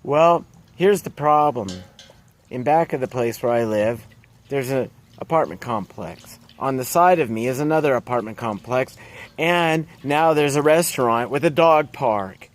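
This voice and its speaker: A man's voice: mid-range voice, unhurried. A man ranting in a casual vlog, blunt and profane, rambling through his complaints. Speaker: vlogger.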